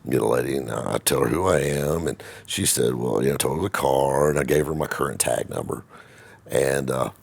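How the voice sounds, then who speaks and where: A man's voice: a bass voice, a little fast, gravelly, slightly rough. A middle-aged man telling a rambling, folksy, self-mocking story to camera as the host of his own show.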